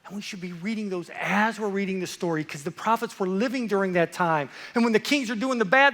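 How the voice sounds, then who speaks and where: A man preaches with a playful, animated delivery, jumping from loud excitement to hushed asides. His voice is bright and forceful, and it rings with the long reverb of a church hall. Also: high voice, brisk, few pauses. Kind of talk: lively sermon.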